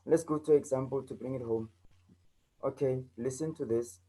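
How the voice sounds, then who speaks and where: Dark-voiced South African man teaching. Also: medium pitch, normal speed, husky, low-quality recording. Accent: South African English. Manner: repeats key points, checks in with "okay?" and "right?". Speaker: English teacher. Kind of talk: online lesson.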